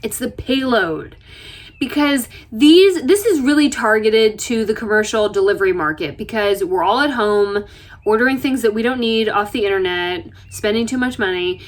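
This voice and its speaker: A woman vlogger from the United States talking in a chatty, self-deprecating way, telling stories with lively asides. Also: fairly high pitch, moderate pace. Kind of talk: casual chat. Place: RV interior.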